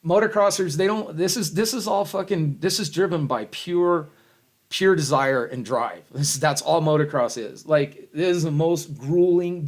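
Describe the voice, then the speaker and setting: A middle-aged man in a rambling, heavily profane rant to camera, with loud swings and frequent chuckles. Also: on the high side. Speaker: vlogger.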